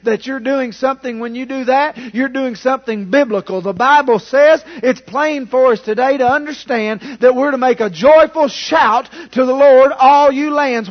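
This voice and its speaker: Fervent high-voiced preacher. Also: male voice. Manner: fervent, rising to loud exclamations, with restarts. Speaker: pastor. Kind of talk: sermon. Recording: dull lo-fi sound.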